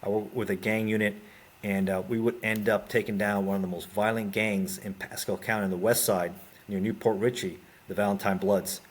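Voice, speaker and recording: A middle-aged man with a husky, somewhat low voice tells stories from his years as a federal agent. He talks plainly and casually in a podcast interview, sometimes restarting a sentence. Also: level tone, fairly quick. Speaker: former ATF agent, podcast guest.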